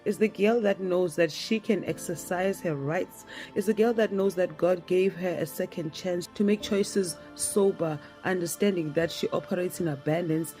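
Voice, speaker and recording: A young woman telling a casual storytime, animated and laughing often as she acts out the dialogue. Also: fairly low pitch, moderate pace, faint music behind. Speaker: storytime vlogger.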